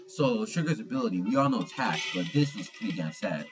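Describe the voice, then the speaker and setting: A man's voice: on the low side, expressive, brisk, highs cut off, over music. A young man giving a casual manga chapter review, slangy and profane, retelling scenes with animation.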